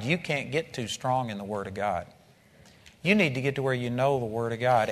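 A man's voice: medium pitch, fairly bright tone. A man preaching a sermon to a congregation, impassioned and repetitive, building to emphatic peaks. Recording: long reverb of a large hall.

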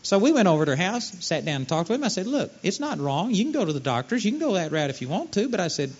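A man's voice: high-pitched, big pitch swings, quick pace, slightly rough. A man preaching a sermon, telling stories and acting out the voices of the people in them. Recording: dull lo-fi sermon recording.

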